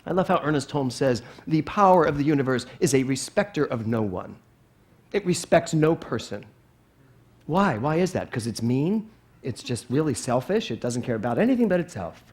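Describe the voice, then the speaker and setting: A middle-aged man preaching a sermon in a playful, animated way, often asking the congregation questions. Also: medium pitch, moderate pace. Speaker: minister. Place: spiritual center with congregation.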